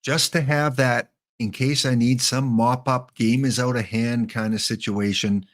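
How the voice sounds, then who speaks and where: This host speaks at a measured pace in a medium pitch, his intonation fairly even. Running a live game stream, he narrates his card picks out loud, mutters player names, and chats with viewers along the way.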